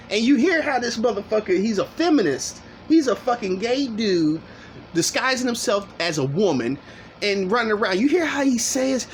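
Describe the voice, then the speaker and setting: A man's voice: high voice, sing-song, normal speed, slight background noise. A man hosting a reaction commentary, cursing and heated as he interrupts a clip. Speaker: commentary channel host.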